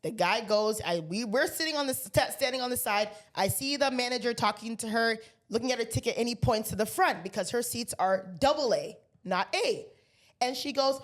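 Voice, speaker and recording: A woman with a high-pitched voice spins a story on a casual podcast. She acts out each person she quotes and swears freely as she goes. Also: fairly quick. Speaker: podcast co-host.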